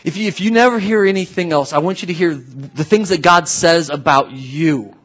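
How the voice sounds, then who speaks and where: A man's voice: on the high side, normal speed, fairly bright tone, husky. A man preaching a sermon as pastor, talking conversationally and emphatically, repeating his key phrases.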